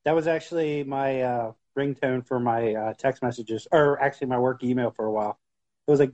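A man's voice: medium pitch, steady tone, fairly quick, darkish tone. A man co-hosting a wrestling podcast, chatting casually and teasing his co-host. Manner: easygoing, teasing banter. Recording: dull lo-fi sound.

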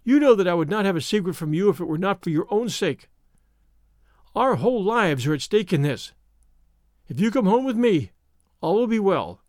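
A man's voice: sits high, very animated, moderate pace, pauses often, a little mellow, no echo, studio quality. A man voicing a frightened young wife, breathless and imploring, in an audiobook reading. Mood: pleading. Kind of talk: audiobook character voice.

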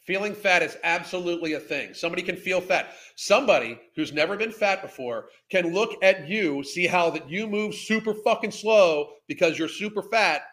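A man's voice: high-pitched, expressive, normal speed, hardly any pauses, a bit bright. A man hosting a podcast, ranting with exasperated disbelief and heavy profanity as he reacts to clips. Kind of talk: ranting commentary.

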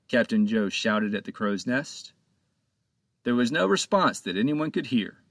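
Man, storybook narrator, lively pitch, dry close sound, medium pitch. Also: moderate pace, no room sound. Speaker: author and narrator.

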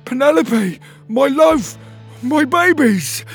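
A man's voice: very high-pitched, lively intonation, slow pace, faint music behind, pitched above the performer's own voice, exaggerated voice. A man voicing a timid male platypus companion with whimpering, fearful cries. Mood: overjoyed.

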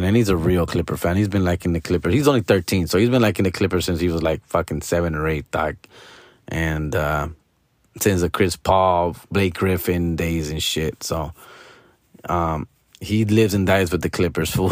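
A man's voice: sits low, no echo, studio quality. A man gives a profane, slangy sports rant to the camera and keeps calling the listener dog or fool. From Los Angeles. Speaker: sports fan vlogger. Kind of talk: casual ranting monologue.

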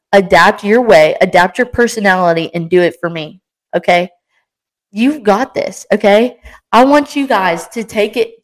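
A woman's voice: medium pitch, low-quality recording. A young woman hosting a casual faith podcast, talking with passion and energy in a rambling, encouraging way. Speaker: podcast host.

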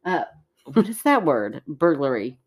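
A woman co-hosting a loose conversational show, with a slightly low voice that swings widely in pitch. She talks in a giggly, playful way and pokes fun at herself. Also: expressive, normal speed. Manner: giggly, playful, self-mocking. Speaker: podcast co-host. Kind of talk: casual chat reacting to stories.

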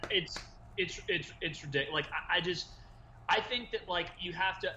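A man's voice: sits high, moderate pace, bright, forceful tone, roomy sound, dull audio, a little hiss or hum. A man co-hosting a casual sports podcast, talking fervently with many fillers and repeated words. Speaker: podcast co-host.

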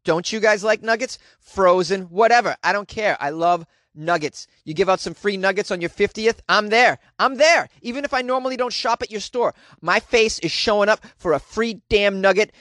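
A man hosts a comedy news podcast, reading odd headlines aloud and tearing into them with sarcastic asides. His voice sits a little higher than most men's. The recording is dry and close, with no room sound. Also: fairly quick, hardly any pauses, fairly bright tone, no echo. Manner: sarcastic and jokey, mocking the stories. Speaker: podcast host.

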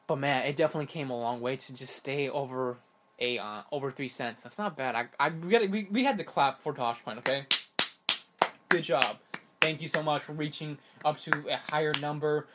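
A young man vlogging casually about crypto, animated and exasperated, rambling with many restarts. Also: medium pitch, a little fast, a little hiss or hum. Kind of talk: casual ranting monologue.

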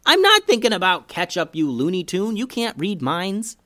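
A man's voice: on the high side, big pitch swings, moderate pace, dry recording, studio quality, voice pushed up. A man doing a jumpy, panicky boy. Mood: arguing. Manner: panicky, exclaiming. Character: excitable boy, a bit dramatic and jumpy.

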